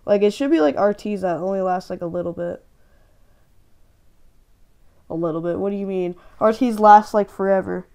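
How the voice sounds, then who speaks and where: A woman hosting a gaming channel and giving live, excitable commentary while she plays, often ranting and shouting in frustration. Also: mid-range voice, moderate pace, vocal fry, pauses often, clean tone.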